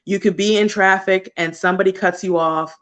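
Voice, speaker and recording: A woman's voice: mid-range voice, steady tone, brisk, fairly bright tone. A woman tarot card reader talking casually on a livestream, chatty and loose, laughing often and dropping slang and swear words.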